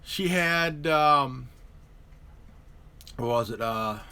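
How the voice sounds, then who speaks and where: A man's voice: medium pitch, drawn-out words, sharp tone, smooth. A man hosting a live stream, chatting casually about politics and stumbling over repeated words and restarts.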